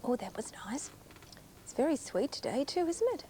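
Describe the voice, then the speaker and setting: High-voiced woman, children's TV host, sing-song and coaxing, clip-on mic, studio. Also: big pitch swings, moderate pace, mellow, a little hiss or hum. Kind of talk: children's TV presenting. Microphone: clip-on mic on jumper.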